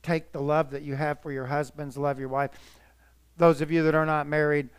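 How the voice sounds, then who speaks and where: Male pastor, emotional sermon delivery, loud and soft by turns, slows to stress words; smooth, dry. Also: fairly high pitch, flat delivery, no echo. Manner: emotional, earnest, swells and drops in volume.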